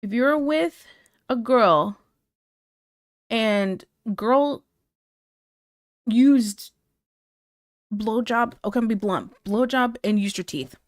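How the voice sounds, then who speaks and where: A woman's voice: a little high, slow, long pauses, no room sound, studio quality. A woman live streamer chatting casually with her viewers, blunt and candid, laughing often. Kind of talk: casual chat reacting to viewer comments.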